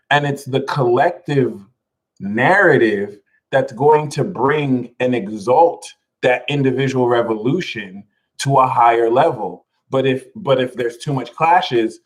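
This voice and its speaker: A man giving a live astrology talk to his audience in an animated, jokey manner with plenty of swearing. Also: medium pitch, poor audio. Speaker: astrology reader.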